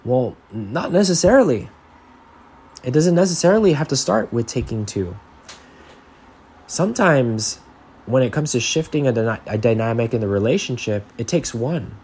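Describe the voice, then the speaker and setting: Husky-voiced man hosting a podcast. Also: medium pitch, animated, normal speed, a little mellow. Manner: earnest, rambling with frequent "like" and restarts. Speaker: podcast host. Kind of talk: casual podcast monologue.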